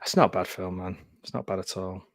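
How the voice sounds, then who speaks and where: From home, a man hosts a relaxed live commentary on a film, talking loosely with plenty of asides and frequent laughter. He has a low, steady voice and a quick pace, recorded with clean studio sound and no echo.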